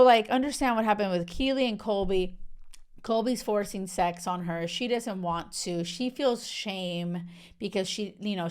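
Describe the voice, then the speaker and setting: A woman's voice: mid-range voice, a little mellow, smooth. Young woman, podcast host, casual solo talk, emphatic, indignant, lots of fillers. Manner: outraged, emphatic, many "like" and "you know" fillers.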